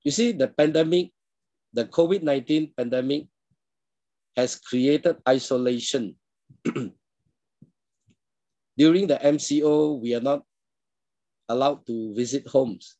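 A man preaching a sermon in a steady teaching tone, often clearing his throat and putting questions to his listeners. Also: medium pitch, measured pace, long pauses, dry recording. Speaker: pastor. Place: online church service.

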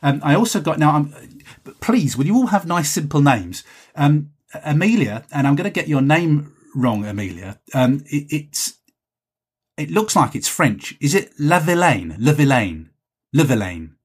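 A man's voice: on the high side, animated, normal speed, slightly rough. A man hosting a solo podcast, chatting in a rambling, self-deprecating way as he reads out listener messages. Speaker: podcast host.

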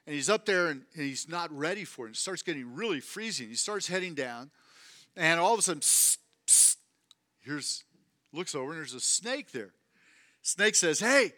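A man preaching a sermon as a guest speaker, animated, repeating phrases for emphasis and calling on the congregation to respond. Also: a little high, normal speed.

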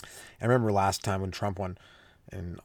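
Rambling, swearing young man, low voice. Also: fairly even intonation, moderate pace, no room sound. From Canada. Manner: loose, rambling, laughs at own jokes, swears a lot. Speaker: stand-up comedian hosting a podcast. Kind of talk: rambling stoned comedy monologue.

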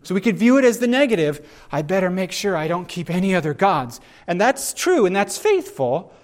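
A middle-aged man preaching in an animated, conversational way and often turning to his listeners with asides. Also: high-pitched, a little fast. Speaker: pastor. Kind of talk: sermon.

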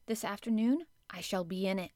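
A woman's voice: mid-range voice, brisk, darkish tone, no room sound, clean studio sound, close to an everyday voice. A woman voicing a lordly, commanding young boy who is sickly and dreamy.

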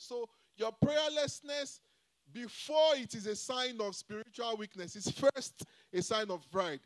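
High-voiced man preaching a sermon. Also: a little slow. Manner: call-and-response, repeatedly asking the congregation "Hello?"; emphatic with swings in loudness and pace.

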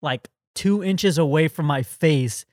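A man's voice: on the high side, unhurried, a little mellow, dry recording, clean studio sound. A man co-hosting a podcast, telling a story in a rambling casual way with lots of "like". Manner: rambling, full of "like" and "um". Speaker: podcast co-host.

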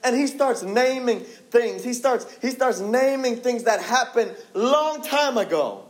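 A young man in his twenties preaching a sermon with passion, repeating phrases and dropping his voice low for emphasis. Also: lively intonation, measured pace. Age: 20s.

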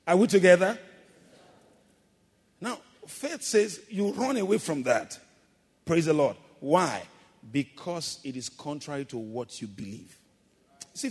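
A man's voice: fairly high pitch, slightly rough, in a large hall. A male pastor preaching a sermon, calling for amens and acting out playful asides. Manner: preaching with call-and-response and playful acted asides.

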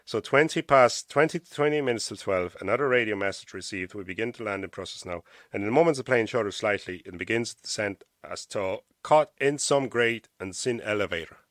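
A man with an Irish accent hosts a casual podcast, reading passages aloud and breaking off for chatty remarks. His voice sits a little low. The close mic gives a dry, dead sound. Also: brisk, hardly any pauses, fairly bright tone, dry recording. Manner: reads aloud with stumbles and chatty asides. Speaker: podcast host.

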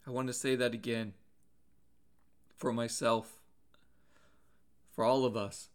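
A man preaching a sermon in an earnest, measured way, pausing now and then and restarting a word. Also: mid-range voice, level tone, clear, resonant tone.

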